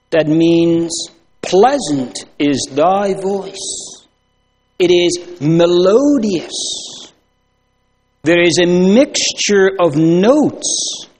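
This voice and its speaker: A man preaching a sermon in a slow, drawn-out, old-fashioned cadence that rises into sing-song emphasis on repeated phrases. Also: on the high side, darkish tone, a little hiss or hum.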